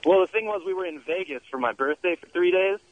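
A man calling in to a radio show, telling a story in a relaxed, amused way. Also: high voice, fast, no room sound. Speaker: caller. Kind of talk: radio call-in. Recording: dull phone line.

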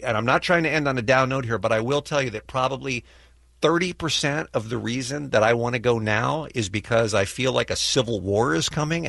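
A middle-aged American man co-hosting a morning radio show, speaking earnestly and heartfelt with halting restarts. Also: medium pitch, vocal fry, a bit bright, no room sound.

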